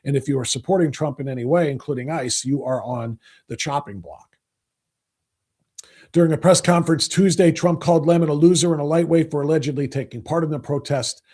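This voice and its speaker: A man's voice: fairly high pitch, a little fast, a little mellow. A male talk show host delivering an angry, sarcastic political rant.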